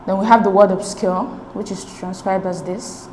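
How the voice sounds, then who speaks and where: A woman's voice: mid-range voice, fairly even intonation, moderate pace, darkish tone. A woman working through English exam questions as a tutor, explaining them step by step with a patient manner and checking in with "okay?". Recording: echoey room with faint noise.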